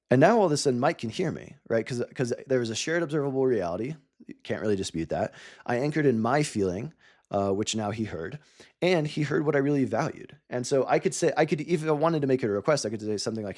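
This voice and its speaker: A man's voice: medium pitch, lively intonation, fairly quick, a little mellow. A man giving a coaching talk to founders, earnest and explaining step by step with examples. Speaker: cofounder coach.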